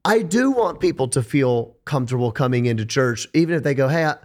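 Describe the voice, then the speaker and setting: A man speaking as a podcast guest in a conversational interview, an animated storyteller who repeats words when he gets going. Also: mid-range voice, a little fast. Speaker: podcast guest, rock singer.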